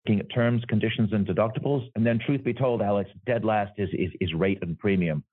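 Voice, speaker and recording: A man's voice: on the low side, a little fast, dry recording. A man working as an insurance executive, explaining his business in an interview and often checking in with "right?". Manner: explanatory, tags points with "right?". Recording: dry, phone-like remote audio.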